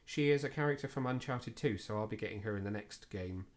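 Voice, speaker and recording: A man's voice: fairly low pitch, fast talker. A man co-hosting a podcast, talking casually with lots of fillers and self-deprecating asides. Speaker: podcast co-host. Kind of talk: casual chat.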